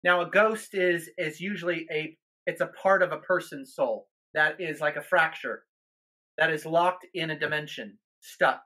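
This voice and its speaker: A man's voice: on the high side, moderate pace, bright, forceful tone. Earnest man telling a ministry story. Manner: earnest, many restarts and repeated words. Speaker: guest minister. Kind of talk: storytelling in a podcast interview.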